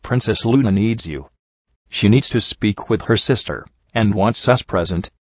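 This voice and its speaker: A man voicing a blunt male pony officer who speaks with a wet, rasping breath. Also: fairly low pitch, a little slow, dry recording, lo-fi sound. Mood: grim.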